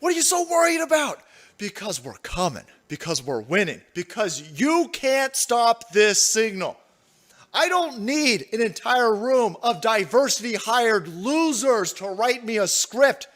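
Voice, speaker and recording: This is a man with a notably high voice hosting his own live commentary stream. He is furious and profane, firing combative jabs and repeating lines for effect. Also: big pitch swings, slow, a bit bright. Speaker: livestream political commentator.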